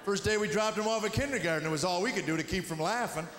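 A middle-aged man doing stand-up comedy, telling stories with a wry delivery and quick voiced asides. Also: sits high. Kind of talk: stand-up routine. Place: large hall with live audience. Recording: echoey hall, audible room noise.

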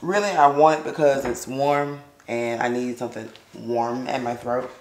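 Hoarse, raspy-voiced chatty woman vlogger. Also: very deep voice, fairly even intonation, moderate pace, noisy background. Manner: chatty, talks straight to viewers, laughs often. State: hoarse, scratchy sore throat. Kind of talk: casual vlog chat. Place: at home in the kitchen.

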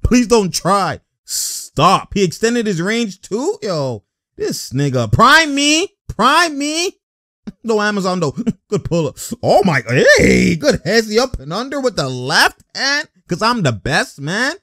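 An excitable man calls out basketball plays in loose slang and keeps breaking into laughter. His pitch swings all over the place, yet he talks at an unhurried pace. The sound is dry and close. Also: no echo. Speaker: basketball highlight reactor. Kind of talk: casual reaction commentary.

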